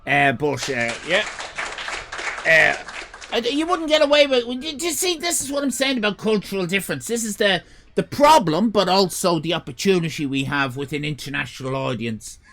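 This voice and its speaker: An Irish man hosting a live stream, chatting casually and rambling, swearing and breaking into shouts. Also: sits high, very animated, normal speed. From Ireland. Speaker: livestream host.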